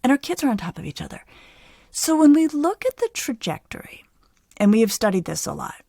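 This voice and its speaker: Gravelly-voiced woman explaining with animated ease. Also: a little high, brisk, no echo, clean studio sound. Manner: animated, explanatory, laughs easily. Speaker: psychologist podcast host. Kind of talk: conversational expert advice.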